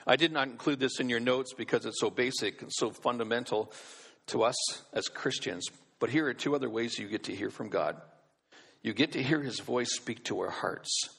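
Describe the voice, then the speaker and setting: A male pastor delivers a sermon with a husky, gravelly voice, pressing his points and putting questions to the congregation. His words ring out with the long reverb of a large church hall. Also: mid-range voice, normal speed, fairly bright tone. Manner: emphatic, asks the congregation questions.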